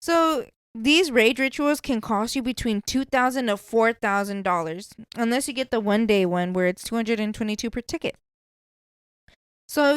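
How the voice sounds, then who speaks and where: A woman's voice: a little high, clean tone, no room sound. A woman hosting a podcast, chatting casually in a blunt, profane way. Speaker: podcast host.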